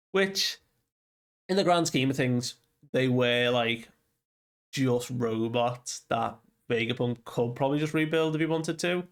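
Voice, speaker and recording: Young male reviewer, mid pitch, loose chatty recap full of fillers. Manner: rambling, loosely quotes characters with fillers like "you know". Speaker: manga reviewer. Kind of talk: casual recap commentary.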